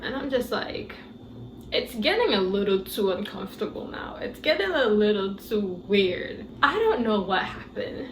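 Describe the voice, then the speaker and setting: A woman giving a casual movie review, retelling scenes in an animated, incredulous way. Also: medium pitch, measured pace, roomy sound, a little hiss or hum, rough recording.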